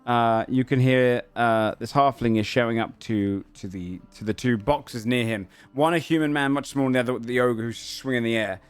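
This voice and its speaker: Rambling game master. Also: male voice, medium pitch, moderate pace, few pauses, smooth, soft background music. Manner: rambling, many fillers. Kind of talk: narrating a tabletop game.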